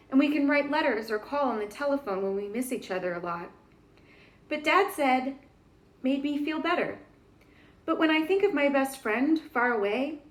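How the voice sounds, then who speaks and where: Woman reading a children's book aloud in a high, gentle voice. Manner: gentle storybook reading with questions to the listener.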